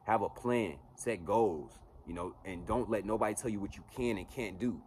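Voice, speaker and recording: A man's voice: lowish voice, normal speed, darkish tone, a little hiss or hum. Blunt, profane young man giving a pep talk. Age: 20s. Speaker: motivational vlogger. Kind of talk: unscripted motivational monologue.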